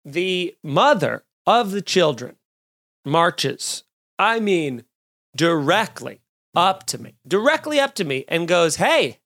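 A male comedian and podcast host telling a story in a casual monologue, animated and swearing, acting out the people he quotes. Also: sits high, slow.

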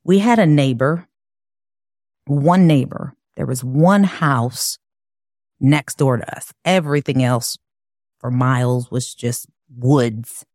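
A woman from Chicago telling her own life story in an earnest, measured, reflective way. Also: rumbling low, darkish tone, no room sound, studio quality. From Chicago, USA. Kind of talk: personal storytelling.

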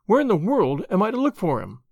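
A man's voice: high voice, wildly swooping pitch, brisk, vocal fry, a little mellow, no room sound, studio quality, full character voice. A man voicing a proud, spirited young noblewoman who is flippant and indignant in a storybook reading. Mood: haughty.

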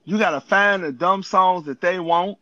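Bright-voiced man, animated DJ. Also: sits high, normal speed, dry recording, dull audio. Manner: animated complaining, emphatic. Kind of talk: casual chat.

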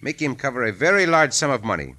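Here is a dashing Mexican caballero in an old radio western. He speaks with a Spanish accent, courtly and measured. His voice is bright and moves up and down a lot. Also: mid-range voice, sing-song. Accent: Spanish-accented English. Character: dashing Mexican caballero hero, calm and polite. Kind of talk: 1940s radio acting.

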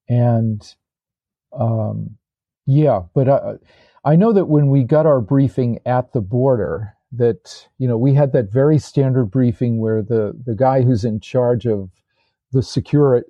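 A man's voice: mid-range voice, no echo, muffled recording. An older man, a former tank commander, telling his stories as an interview guest in a rambling way, with restarts and fillers. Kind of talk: casual interview storytelling.

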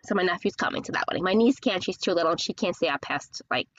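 A woman hosting her own podcast, chatting casually and rambling from topic to topic, gushing when she gets excited. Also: on the low side, quick pace, dry recording, dull audio. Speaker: podcast host. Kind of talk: casual solo chat.

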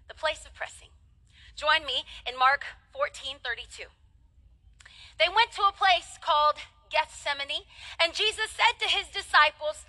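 A woman preacher delivering a sermon with animated, humorous storytelling and dramatic pauses. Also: very high-pitched.

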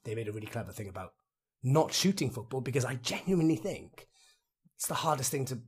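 Welsh male actor, guest on a casual podcast, slightly breathy voice, restless and chatty. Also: medium pitch, fast. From Wales. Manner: animated, rambling, laughs often, tries out accents.

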